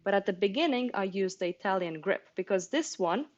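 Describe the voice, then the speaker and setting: A woman's voice: mid-range voice, expressive, brisk. Chatty woman teaching art on a stream. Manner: chatty, explanatory, talks to viewers in chat. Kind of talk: casual teaching livestream. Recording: slightly muffled stream with faint music.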